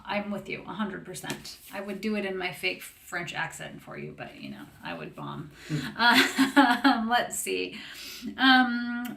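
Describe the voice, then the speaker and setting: A woman's voice: mid-range voice, sing-song, unhurried, gravelly, pushed and bright. Chatty woman live-streaming from an echoey room. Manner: chatty, laughs often, greets viewers by name; reads book back-cover copy aloud. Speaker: author hosting a live book chat. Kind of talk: casual live-stream chat.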